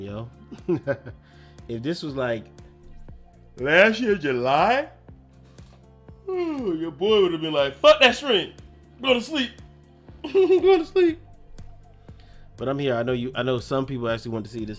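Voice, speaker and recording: A man's voice: medium pitch, a bit bright. A young man chatting casually on his gaming live stream, loose and slangy, rambling between topics. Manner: loose, slangy, rambling, lots of self-talk. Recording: faint music behind.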